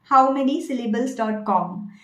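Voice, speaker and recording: A woman who is an English pronunciation coach, giving an online lesson slowly and deliberately, repeating each word for learners. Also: a little high, noisy background. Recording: echoey room.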